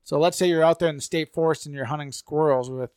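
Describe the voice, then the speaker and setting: A man's voice: a little high, steady tone, fast, darkish tone, clean tone, no room sound, studio quality. A man, co-hosting a podcast and walking through rules point by point. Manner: explains rules point by point, with restarts. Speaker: podcast co-host. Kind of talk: casual explanation of hunting rules.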